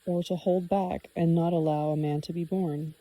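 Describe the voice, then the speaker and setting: A woman voicing a joyful young woman of the forest in an audiobook reading, with a gentle, sing-song delivery. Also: on the low side, steady tone, normal speed, close to an everyday voice, low-quality recording. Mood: questioning.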